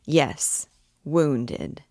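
A woman's voice: sits low, extremely slow, dark tone, no echo, studio quality, heavily acted. A woman reading aloud as a vain, evasive young male army captain who talks in a breezy, offhand way.

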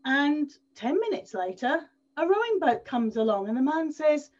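Woman giving a talk, pretty high voice, lively storyteller, kinda dull lo-fi audio. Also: normal speed. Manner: animated storyteller, leaning on repeated words. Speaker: speaker at an event. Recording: dull slightly lo-fi sound.

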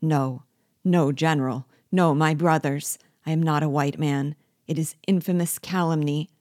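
A woman's voice: fairly even intonation, measured pace, a little mellow, dry recording, clean studio sound. A woman reading aloud and voicing a terrified male planter who begs for his life, her voice rising in desperate pleas. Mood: pleading. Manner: desperate, pleading, rising in pitch.

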